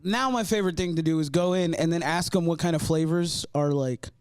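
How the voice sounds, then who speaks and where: A man's voice: fairly high pitch, a little fast, smooth, no echo, studio quality. A man who is a guest comedian, talking in loose, profane, slangy podcast banter and laughing often.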